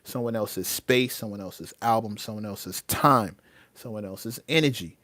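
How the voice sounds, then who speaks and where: A man's voice: on the low side, a little slow, sharp tone, dry recording. A man hosting his own livestream, ranting emphatically about entitlement, often restarting his words. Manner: heated, emphatic, with many repeated restarts. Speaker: livestream host and rapper.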